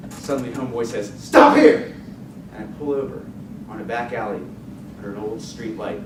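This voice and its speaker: Male contest speaker, dramatic storytelling, expressive, distant mic, noisy room. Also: fairly low pitch, fast talker, roomy sound. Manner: vivid, expressive storytelling with rising excitement. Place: contest hall stage.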